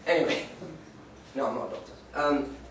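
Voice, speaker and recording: A man's voice: a little high, fairly quick, a bit bright, slight background noise. A young man performing a rambling stand-up set in a pub, joking and slipping into playful put-on voices. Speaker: stand-up comedian. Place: pub stage. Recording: echoey pub from far off.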